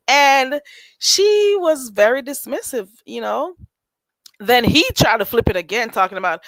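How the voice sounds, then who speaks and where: A woman's voice: a little high, big pitch swings, moderate pace, fairly bright tone, no echo, low-quality recording. A woman, nasal and congested, casually telling a gossip story to her livestream chat with many restarts and asides. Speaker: livestream host.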